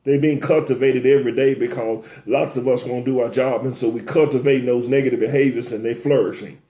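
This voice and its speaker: A man hosting a talk show, giving a preacher-like monologue that keeps turning to "ladies and gentlemen" and climbs to high, emphatic peaks. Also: steady tone, brisk, roomy sound. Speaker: host.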